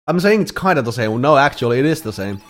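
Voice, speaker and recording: A man's voice: mid-range voice, big pitch swings, quick pace, soft background music. A man streaming a game live, chatting casually, rambling with restarts, swearing and laughing often. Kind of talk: casual live-stream chat while gaming.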